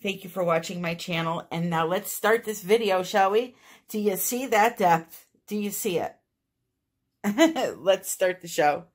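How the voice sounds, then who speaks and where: A woman's voice: medium pitch, unhurried. A woman with a New England accent hosting a casual resin art tutorial, chatty and upbeat, laughing at herself. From northeastern United States. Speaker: resin art channel host.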